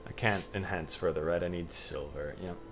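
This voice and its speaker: A man's voice: deep voice, steady tone, normal speed, music in the background. A man streaming a video game, chatting and reacting as he plays and reads on-screen text. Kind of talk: let's play commentary.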